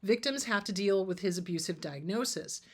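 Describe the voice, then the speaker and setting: A middle-aged woman therapist answering viewer questions in a casual, animated way, acting out the dialogue she quotes. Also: medium pitch, normal speed, husky. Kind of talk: casual advice talk.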